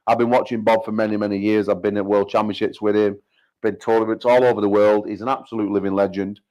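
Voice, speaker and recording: A British man, an arm wrestling promoter, hosting a casual livestream chat full of banter and quick joking asides, often repeating himself. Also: on the low side, level tone, a little mellow, dull audio. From United Kingdom.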